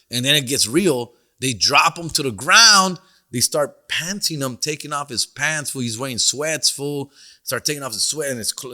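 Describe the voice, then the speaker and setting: A man's voice: a little high, pushed and bright. A middle-aged man, hosting a podcast and telling a story in casual slang, mixing in Spanish. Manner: slangy, peppers talk with "fool" and "dog", mixes in Spanish. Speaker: comedian podcast host.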